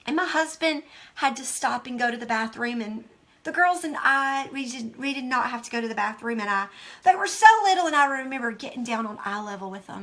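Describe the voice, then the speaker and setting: A woman with a high, bright voice hosts a motivational devotional talk. She tells stories intensely and with emotion, and speaks straight to her listeners in an earnest way. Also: animated, a little fast. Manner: earnest, direct address to listeners. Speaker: host.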